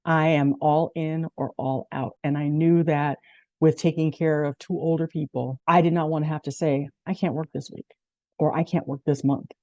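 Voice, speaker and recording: Fifties woman hosting, low mellow voice, acts out what people said, dry dull sound. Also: moderate pace, dry recording. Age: 50s. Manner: animated storyteller, acts out quotes. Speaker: host. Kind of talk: casual conversation.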